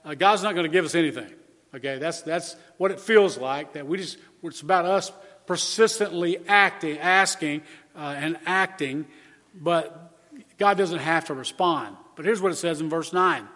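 Male pastor, sermon delivery, fairly high voice, earnest and measured, long reverb. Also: fairly bright tone. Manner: earnest, measured preaching with repeated emphasis.

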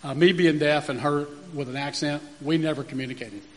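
Folksy pastor in a reverberant hall. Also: male voice, on the high side, fairly even intonation, brisk. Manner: folksy, anecdotal, with frequent fillers and restarts. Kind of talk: storytelling sermon. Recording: long reverb of a large room.

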